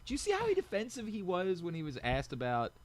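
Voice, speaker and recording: Radio host guy, kinda high voice that bounces around a lot, jokey, dry studio. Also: huge pitch swings, a crowd in the background. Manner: joking, quick back-channel replies. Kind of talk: casual chat.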